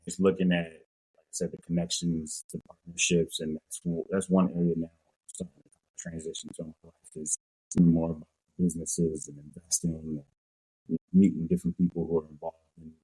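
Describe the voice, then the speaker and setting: A young man, a sports coach, answering interview questions in a relaxed, thoughtful way with many fillers. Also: sits low, normal speed, breathy edge, rough recording. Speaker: strength and conditioning coach.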